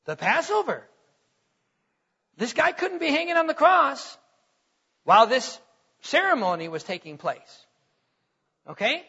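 A man's voice: very high voice, big pitch swings, measured pace, pauses often, pushed and bright. A man preaching a teaching sermon in a conversational way, stopping often to check that the listeners follow. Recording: dull lo-fi recording.

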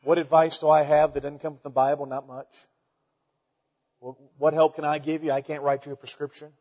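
A fairly high-voiced man preaches a sermon, folksy and animated, throwing rhetorical questions at his congregation. His voice rings with a long church-hall reverb, and the recording sounds dull and muffled. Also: a little fast. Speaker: pastor.

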